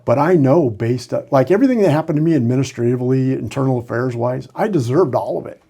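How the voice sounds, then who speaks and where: This is a man in his sixties, a retired sheriff's lieutenant, sharing candid stories in a relaxed podcast conversation. His voice sits at a middle pitch with a dark, mellow color, and he leans on fillers as he thinks aloud. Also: quick pace, gravelly, breathy edge. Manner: candid storytelling with frequent fillers. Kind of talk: casual podcast interview.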